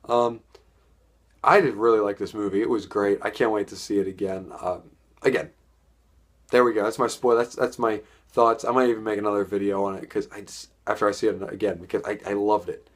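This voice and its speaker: A man's voice: fairly low pitch, steady tone, fairly quick. A young man giving a casual, enthusiastic spoken film review, rambling and repeating words as he goes. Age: young adult.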